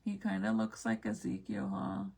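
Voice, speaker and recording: A woman's voice: medium pitch, flat delivery, normal speed, creaky, mellow, husky. A young woman chatting casually with viewers as she looks back through old family photos, swearing now and then. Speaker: mom vlogger.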